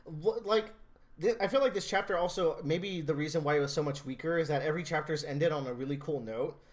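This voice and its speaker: A man co-hosting a podcast, chatting casually with animated opinions and frequent restarts. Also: fairly high pitch, brisk. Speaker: podcast co-host. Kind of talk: casual chat.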